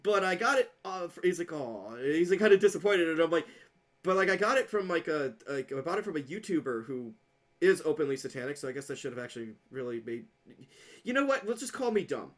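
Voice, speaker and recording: A woman's voice: deep voice, very animated, quick pace. A woman co-hosting a podcast who tells an anecdote in casual chat and acts out both sides of the dialogue, swearing freely. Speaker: podcast co-host.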